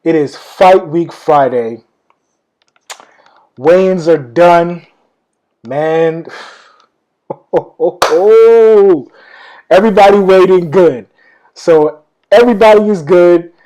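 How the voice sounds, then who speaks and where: A man's voice: on the high side, takes it slowly, long pauses, warm tone, poor audio. A young man hosting a podcast, talking loosely and rambling with lots of fillers, calling his listeners y'all. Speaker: podcast host. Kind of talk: casual podcast talk.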